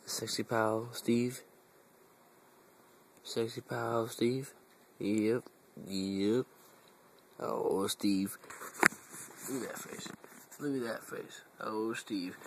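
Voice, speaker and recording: Guy on a phone cam cooing at his cat, slow and swears a lot, bit of hiss behind. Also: lowish voice, fairly even intonation. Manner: teasing, cursing, drawn-out baby talk to a cat. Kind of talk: casual phone video talking to a pet cat. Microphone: phone camera.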